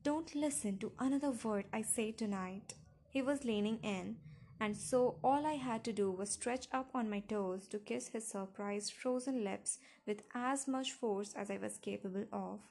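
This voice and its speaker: A woman's voice: medium pitch, a little slow, vocal fry, darkish tone. A woman narrating a first-person novel in an intimate, emotional storytelling manner. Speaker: audiobook narrator.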